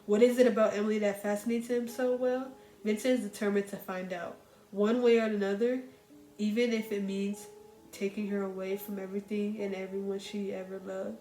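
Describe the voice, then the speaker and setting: A woman talks animatedly about books she loves, addressing her viewers directly. Her voice bounces around a roomy, echoey space, with soft music playing faintly underneath. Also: mid-range voice, level tone, fairly quick. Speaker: book reviewer. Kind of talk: casual book recommendation chat.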